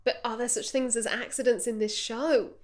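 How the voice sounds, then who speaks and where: A woman's voice: on the high side, fairly even intonation, normal speed. A woman co-hosting a comedy podcast, talking enthusiastically about favourite scenes in a casual chat. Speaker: podcast co-host.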